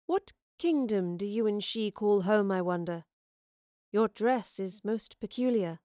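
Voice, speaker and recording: A woman's voice: medium pitch, measured pace, dry recording, close to an everyday voice. Woman reading mysterious soothsayer woman, cryptic, formal, dryly sarcastic, storybook, dry close sound. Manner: calm, riddling, formal speech.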